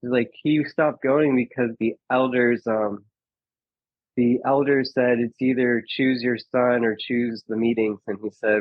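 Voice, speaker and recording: A man's voice: medium pitch, steady tone, a little slow, no echo. A man telling stories as a podcast guest, chatty and full of fillers, laughing often and acting out quotes. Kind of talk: casual storytelling. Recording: dull lo-fi dry sound.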